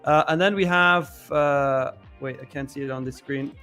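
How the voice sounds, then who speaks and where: A man's voice: medium pitch, steady tone, normal speed, pushed and bright, clean tone, soft background music. A man co-hosting a live trading show, talking loosely, laughing and trailing off mid-sentence. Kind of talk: casual live-stream chat.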